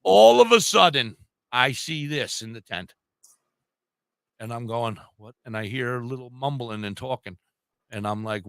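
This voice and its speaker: A man's voice: mid-range voice, vocal fry, a bit bright, no room sound. An older man co-hosting a podcast, telling a funny story in a casual chat and laughing as he goes. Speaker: podcast co-host.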